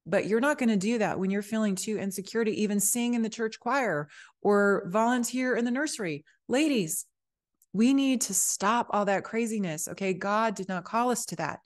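A woman's voice: mid-range voice, moderate pace. A woman hosting a faith-based fitness podcast, talking to listeners with an exuberant, preachy enthusiasm and reading scripture aloud. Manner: exuberant, preachy pep talk. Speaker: podcast host.

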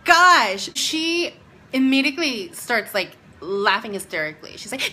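A woman in her thirties telling a story in a casual vlog, animated and exasperated, acting out bits of dialogue. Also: on the high side, measured pace. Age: 30s. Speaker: vlogger; doctoral music student and teacher.

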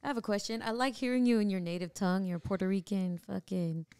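A woman's voice: mid-range voice, fast talker, darkish tone, smooth, no echo. A woman co-hosting a podcast, asking laid-back, slangy questions. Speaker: podcast co-host. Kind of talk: casual chat.

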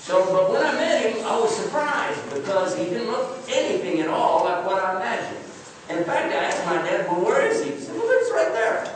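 A man's voice: high voice, animated, fairly quick. A man giving a humorous storytelling lecture to an audience, chatty, joking with listeners and asking them questions. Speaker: guest speaker. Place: large echoing lecture hall. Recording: very echoey hall, voice from far off, background noise.

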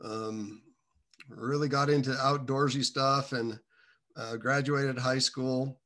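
Man, bright forceful tone, halting meandering testimony, casual storytelling. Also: medium pitch, steady tone. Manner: halting, meandering delivery with many restarts. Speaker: guest telling his faith testimony.

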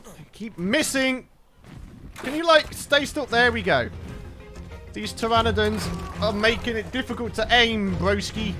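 A let's play host giving gameplay commentary, excitable and given to loud outbursts of frustration and triumph. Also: medium pitch, unhurried, faint music behind.

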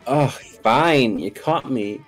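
A dreamy, easygoing young character with an airy, offhand delivery, voiced by a woman. The voice sits extremely low for a woman, with faint music underneath. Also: lively intonation, slow, full character voice. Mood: breezy.

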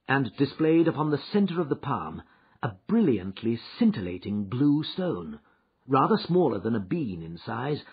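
A man reading a story aloud as narrator, in a measured storytelling delivery, in a dull, muffled recording. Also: mid-range voice, slightly rough. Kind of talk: scripted narration.

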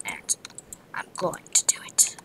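A woman's voice: unhurried, poor audio. Woman half-whispering game commentary. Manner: mutters to self, half-whispered, frustrated outbursts. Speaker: gamer. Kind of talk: let's play commentary.

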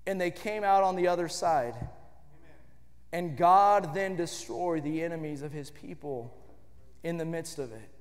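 A man preaching a sermon in a church, with an emphatic cadence that swells into shouts. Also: fairly high pitch, measured pace. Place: church sanctuary. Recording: long reverb of a church hall.

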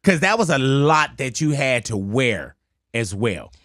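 Lively, animated man hosting an interview. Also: mid-range voice, unhurried, no room sound, studio quality. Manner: laid-back, animated storytelling with slang. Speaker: radio host. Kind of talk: casual interview chat.

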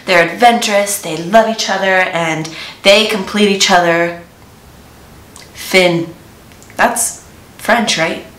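A woman's voice: mid-range voice, slow, long pauses. A woman recapping a novel's plot in a casual, chatty way, with playful asides, while doing her makeup. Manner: animated, lively retelling with playful asides. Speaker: book reviewer. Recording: echoey room.

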